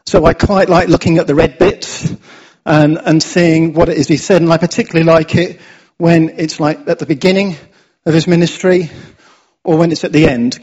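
A man's voice: fairly high pitch, fairly even intonation, moderate pace, darkish tone, breathy edge, dull audio. A man speaking to a church congregation in a chatty, informal, encouraging way, leading prayer and a sermon.

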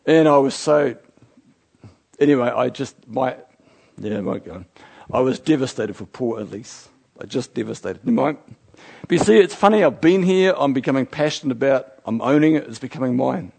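A middle-aged man from New Zealand, a pastor preaching a sermon, building from quiet reflection to fervent exclamations. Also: medium pitch, expressive, moderate pace, gravelly, slightly rough. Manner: impassioned, rising to fervent exclamations.

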